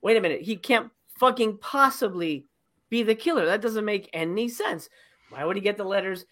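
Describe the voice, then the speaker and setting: A woman's voice: medium pitch, expressive, normal speed. A woman co-hosting a casual podcast, ranting about a movie's ending in an exasperated, profane way and mocking scenes in put-on voices. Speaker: podcast co-host reviewing a movie.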